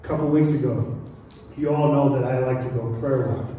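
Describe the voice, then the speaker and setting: Guy pastor preaching, animated storyteller, long church reverb, faint room hum. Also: mid-range voice, brisk. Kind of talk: sermon. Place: church sanctuary. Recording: echoey church hall from far off.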